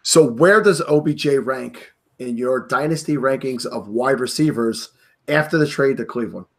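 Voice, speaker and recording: A man leads a casual sports chat as host. He talks in an opinionated, emphatic way, pressing his points hard. His voice sits at an ordinary pitch. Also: moderate pace. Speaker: podcast host. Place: New York.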